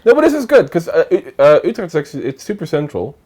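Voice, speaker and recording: Lively man, playful. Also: a little high, quick pace. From Netherlands. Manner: enthusiastic, playful. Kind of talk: casual chat.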